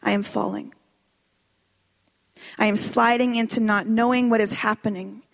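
A woman performing a spoken word poem with a slow, dramatic and intense delivery. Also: fairly high pitch, fairly even intonation. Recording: long hall reverb.

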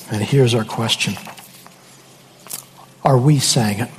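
A man preaching a sermon slowly and emphatically, with dramatic pauses. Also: mid-range voice, long reverb tail, slight background noise.

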